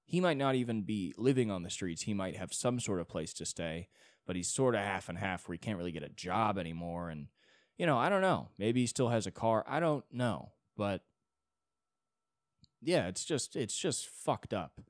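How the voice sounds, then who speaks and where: A man's voice: fairly low pitch, expressive, moderate pace, no room sound, clean studio sound. A young man hosting a solo podcast, rambling in a casual monologue with many restarts and frequent swearing. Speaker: podcast host.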